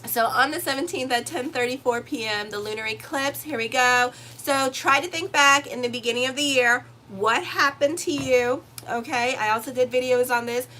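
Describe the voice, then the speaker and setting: Lady tarot reader chatting about horoscopes, bright sharp voice, a bit high, swears a lot. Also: moderate pace, few pauses, slight background noise. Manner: chatty, blunt, swears freely, digresses into stories. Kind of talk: casual horoscope reading.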